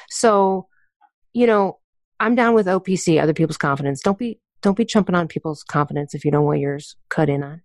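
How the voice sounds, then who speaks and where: A woman with a somewhat low voice talks in a candid, chatty way, using casual slang and laughing as she goes. Her voice is recorded close and dry, with no room sound. She speaks as a coach in a relaxed podcast conversation. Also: normal speed, no room sound.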